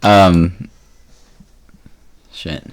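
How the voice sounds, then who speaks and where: A man's voice: low-pitched, fairly even intonation, drawn-out words, smooth. Young man laughing helplessly while joking. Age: young adult. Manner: breaks into helpless laughter, swears. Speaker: podcast co-host. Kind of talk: casual chat.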